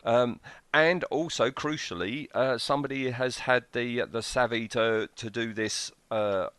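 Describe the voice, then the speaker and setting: A man's voice: mid-range voice, a little slow, a bit bright, clear, resonant tone, dry recording. A man co-hosting a casual chat, recalling TV scenes in enthusiastic detail. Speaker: podcast co-host. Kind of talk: casual chat about a TV show.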